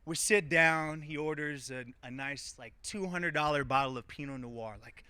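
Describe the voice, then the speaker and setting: A man's voice: a little high, moderate pace, bright, forceful tone, smooth, dry recording. A man in his thirties telling a story live, joking and chatting playfully with the crowd.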